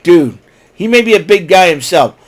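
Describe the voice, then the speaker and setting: On his own podcast, a man with a high, expressive voice goes over a show at a normal pace. His take is loose, rambling and opinionated, and he mocks the people he talks about.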